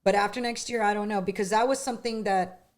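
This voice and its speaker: A woman's voice: mid-range voice, fast talker. Chatty middle-aged woman telling stories. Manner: chatty, animated storytelling with many restarts. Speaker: interview guest, singer. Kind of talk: casual interview chat.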